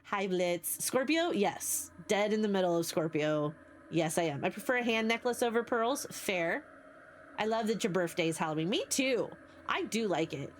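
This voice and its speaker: A woman's voice: mid-range voice, expressive, moderate pace, slight background noise. A woman in her forties from the United States, a livestreamer who chats casually with her viewers and rambles through stories while answering chat. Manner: chatty, rambling storyteller, greets and answers chat.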